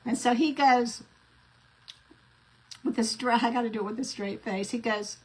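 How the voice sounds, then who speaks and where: A woman's voice: a little high, moderate pace, pauses often, slightly rough, rough recording. A middle-aged woman, chatting and rambling through stories while she works on a craft vlog, full of fillers and restarts. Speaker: craft vlogger.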